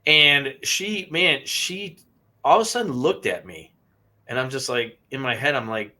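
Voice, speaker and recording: A man co-hosting a paranormal podcast, telling a personal story in a halting, emotional way and often repeating himself. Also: medium pitch, lively intonation, bright, forceful tone. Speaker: podcast co-host. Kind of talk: casual storytelling.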